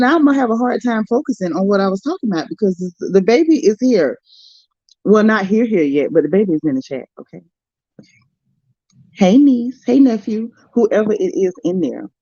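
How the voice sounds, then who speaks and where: A livestream host chats casually with her viewers, emotional and effusive, calling them by name. Her voice is mid-range with a darkish tone, and the recording is muffled but has no echo.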